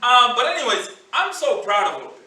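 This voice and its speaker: A male pastor gives a sermon in a loose, storytelling way, often checking in with "you know". His voice sits high and sounds very bright. He is picked up from a distance in a church hall with lots of echo. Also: huge pitch swings, normal speed. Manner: conversational, leans on "you know".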